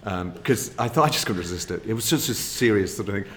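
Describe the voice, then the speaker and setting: A man's voice: on the low side, animated, fast, fairly bright tone, slight background noise. A middle-aged man, telling rambling, chatty anecdotes as a guest and laughing at his own tales. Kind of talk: casual anecdote.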